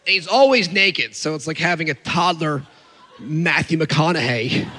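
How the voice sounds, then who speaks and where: A man doing stand-up comedy on stage, telling stories in an animated, incredulous way. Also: a little high, normal speed, big-room sound, a little hiss or hum.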